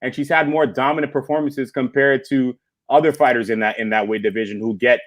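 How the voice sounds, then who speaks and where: A man in a mid-range voice talks through the fights with steady enthusiasm. He lays out the details plainly, the way a fan who knows the sport explains what happened. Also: medium pitch, a little fast. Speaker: podcast co-host. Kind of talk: casual fight recap chat.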